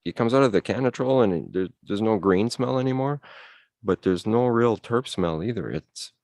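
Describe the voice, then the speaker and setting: Guest on a live stream: low-voiced man, slight French Canadian accent, rambling, laid-back, dry close sound. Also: lively intonation, moderate pace, darkish tone, no echo. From Ottawa, Canada. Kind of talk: casual chat.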